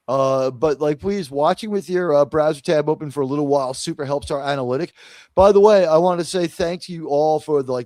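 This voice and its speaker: The host of a live-stream review show talks in a mid-range, darkish voice, recorded cleanly in a studio with no room sound. His casual chat wanders, full of fillers and restarts, and he quotes other people in mock voices.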